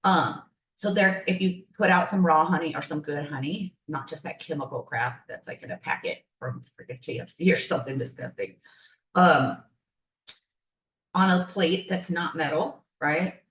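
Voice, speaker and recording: A fairly low-pitched woman talks like a spiritual coach, rambling through stories in a chatty, enthusiastic way. She sounds a little distant from the mic in an echoey room, and the audio is somewhat dull. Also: moderate pace, fairly bright tone. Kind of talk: casual podcast storytelling.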